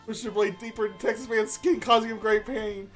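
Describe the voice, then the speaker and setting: A man's voice: high-pitched, little pitch movement, a little fast, faint music behind. Guy reading a silly ai story on stream, keeps cracking up. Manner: amused, often laughing while reading.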